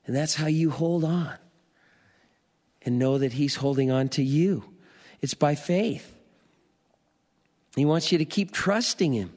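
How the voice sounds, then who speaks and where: A pastor preaching a sermon, slow and emphatic, building to rising declarations. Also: male voice, a little high, a little mellow, long reverb tail.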